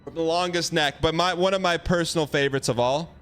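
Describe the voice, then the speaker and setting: A man streaming a game live, chatting casually with viewers in a rambling, halting, playful way. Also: a little high, fairly bright tone, a little hiss or hum.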